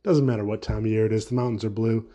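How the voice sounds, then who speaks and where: A man's voice: on the low side, steady tone, fast talker, mellow. A man hosting his own podcast alone, talking casually in a rambling, profane and sarcastic way. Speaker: podcast host. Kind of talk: casual solo podcast rant.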